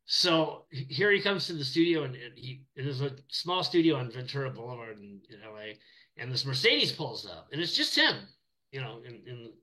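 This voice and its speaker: Lively, bright-voiced storytelling man. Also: medium pitch, normal speed, low-quality recording. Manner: rambling, animated storyteller with many restarts. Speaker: animator guest. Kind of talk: casual interview chat.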